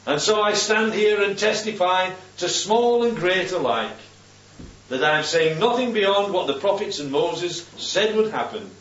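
A man's voice: sits high, lively intonation, a little slow, fairly bright tone, pitched above the performer's own voice. A man voicing an apostle on trial, earnest and respectful in his own preaching voice. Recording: distant, roomy, dull recording.

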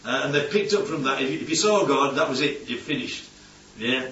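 In a church hall with his congregation, a man leads an informal Bible-study sermon, chatty and playful, with asides and frequent checks of "yeah?". His medium-pitched voice is brisk and fairly bright with lively intonation and a little hiss or hum, recorded distant, roomy, and dull.

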